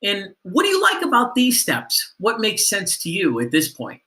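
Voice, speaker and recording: A man's voice: high voice, huge pitch swings, moderate pace, sharp tone. A man giving a sales training lesson, coaching listeners on phone greetings and asking them questions.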